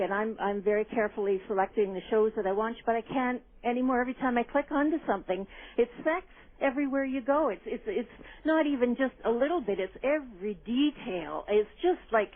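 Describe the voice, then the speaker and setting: A woman's voice: a little high, brisk. Indignant woman caller on a phone line. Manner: rambling, indignant, repeats "absolutely". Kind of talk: call-in radio chat.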